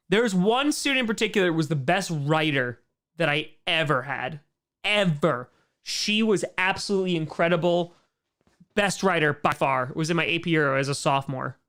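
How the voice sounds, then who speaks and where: This streamer answering chat has a fairly high, bright voice with a forceful tone. In his casual livestream Q&A he rambles, tossing out "like" fillers and blunt opinions.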